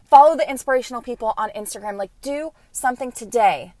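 A woman in her thirties hosts a motivational podcast, coaching her listeners in an earnest, emphatic and encouraging way. Her voice sits a little high, recorded close and dry with no room sound. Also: quick pace, darkish tone, no echo.

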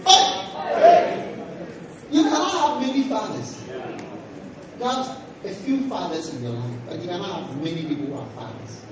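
Male pastor, high voice, emphatic preaching with call-and-response; distant mic in a booming, noisy hall. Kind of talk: sermon. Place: large hall at a camp meeting. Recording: echoey hall, voice from far off, noisy.

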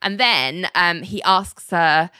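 A woman podcast host recapping a TV episode in an animated storytelling chat, full of "like.". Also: lowish voice, takes it slowly, clear, resonant tone, dry recording.

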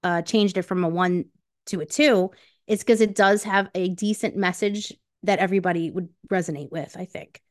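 A woman's voice: on the low side, moderate pace, dry recording, clean studio sound. A woman co-hosting a book podcast, talking in a blunt, emphatic and slangy casual way. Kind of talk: casual chat.

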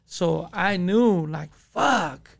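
A man's voice: high-pitched, animated, drawn-out words, gravelly. A man, telling a story as a podcast guest in profane street slang. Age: 20s. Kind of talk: casual storytelling.

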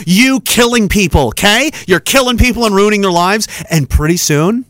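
A man's voice: sits high, expressive, brisk, few pauses, fairly bright tone, dry recording, clean studio sound. A man hosting a podcast, ranting angrily and sarcastically with lots of swearing while reading viewer comments. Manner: angry, profane, sarcastic ranting. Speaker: podcast host.

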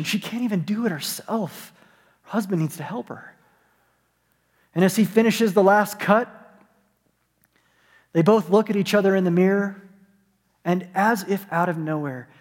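In a long, echoing hall that sounds like a church sanctuary, a male pastor preaches a sermon in a high, light voice. His storytelling sinks to a gentle hush at tender points and then swells into emphatic, rising calls.

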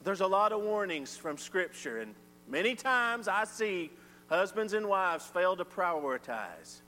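A man preaching a sermon, swinging from loud emphatic lines to quiet ones. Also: high voice, very animated, unhurried. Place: church sanctuary. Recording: reverberant church hall with faint hum.

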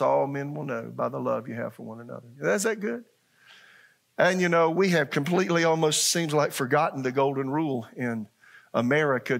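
A middle-aged man preaches with a gravelly, slightly high voice. He keeps the congregation engaged with questions and acts out the people in his stories. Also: a bit bright. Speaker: pastor. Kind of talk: sermon.

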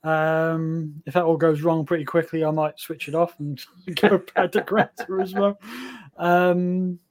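Eager, slightly high-voiced man chatting. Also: flat delivery, unhurried. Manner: enthusiastic, rambling with fillers. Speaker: podcast guest. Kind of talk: casual chat.

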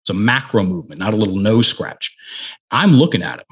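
Husky low-voiced man telling a story. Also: very animated. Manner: emphatic, slows down to stress key words. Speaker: podcast guest, coach. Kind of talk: conversational storytelling. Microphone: headset.

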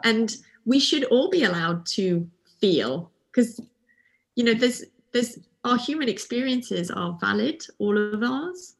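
A woman, a child psychologist, explaining gently in a podcast interview and acting out what a parent might say. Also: fairly high pitch, lively intonation, slow pace, vocal fry. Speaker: paediatric psychologist guest.

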